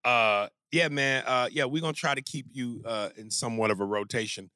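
A man co-hosting a podcast in casual chat, reading listener emails aloud in a profane, joking, animated way. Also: mid-range voice, brisk, clean tone, no echo. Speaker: podcast co-host.

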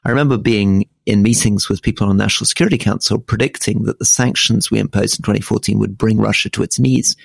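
A middle-aged man with a low, gravelly voice talks through politics in a measured, explanatory way, restarting his sentences now and then. The sound is dry and close. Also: fairly even intonation, no echo. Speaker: podcast co-host. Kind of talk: casual political discussion.

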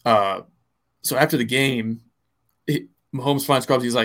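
A man's voice: medium pitch, normal speed, pauses often, a bit bright. A man co-hosting a podcast, chatting casually about football in a rambling way, full of restarts and fillers. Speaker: podcast co-host. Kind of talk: casual sports chat.

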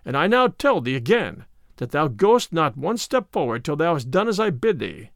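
A man's voice: high-pitched, very animated, moderate pace, no echo. Mock-courtly outlaw leader, a man reading him, archaic speech, dry close sound. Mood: stern.

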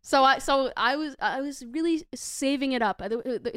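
Woman, podcast co-host, high voice, dry recording, casual storytelling, frequent swearing. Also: normal speed, no room sound. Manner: animated storytelling, swears freely, laughs often. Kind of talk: casual chat.

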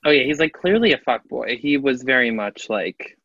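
A woman's voice: extremely low pitch, expressive, moderate pace, fairly bright tone, no echo. A woman co-hosting a podcast in casual chat, gossipy and given to acting out quotes. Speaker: podcast co-host. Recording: dry, slightly dull sound.

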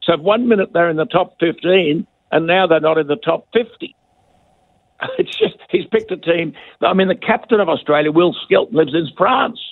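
A man's voice: on the high side, brisk, few pauses, no echo. An older man giving blunt, scathing radio commentary as a guest, heard over a phone line. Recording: dry tinny phone line.

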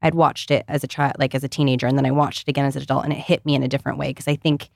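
A woman's voice: rumbling low, flat delivery, very fast, gravelly, no echo, studio quality. A woman in her thirties from Ohio, chatting as a podcast guest in a bubbly way, full of "like" fillers. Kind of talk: casual chat.

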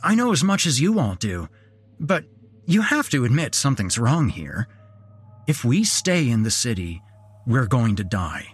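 Brief: shaken young man in a horror audio story, stammering, husky, slow and strained, voiced by a man. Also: medium pitch, sing-song, soft background music, voice pushed up. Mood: urgent. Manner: stammering, forcing words out. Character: shaken young man, first-person narrator hero.

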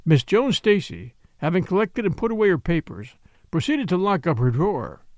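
A man narrating a mystery story in a measured, expressive audiobook reading. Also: high-pitched, dry recording.

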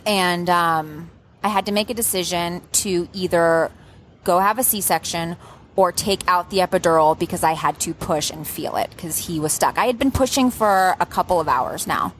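A young adult woman telling her birth story in a casual, lively way, acting out what she said back then. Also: fairly low pitch, moderate pace, a little hiss or hum. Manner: lively storyteller who acts out her own past outbursts.

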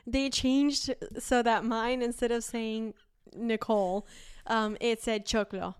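Young argentine-born woman podcasting, kinda high smooth voice, laughs a lot, casual cussing. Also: little pitch movement, slow pace, no echo, studio quality. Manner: giggly, storytelling, swears casually. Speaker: podcast co-host. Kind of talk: casual chat.

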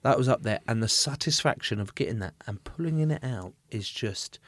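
An English man in his thirties hosting a podcast, telling a story in lively, sweary, casual chat. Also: fairly low pitch, a little fast, dry recording. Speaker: podcast host.

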